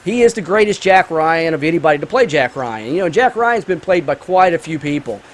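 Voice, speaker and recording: High-voiced man rambling through gameplay. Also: animated, fairly quick, a little hiss or hum. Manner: rambling and enthusiastic, full of fillers. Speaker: gaming channel host. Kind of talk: casual let's-play commentary with movie review.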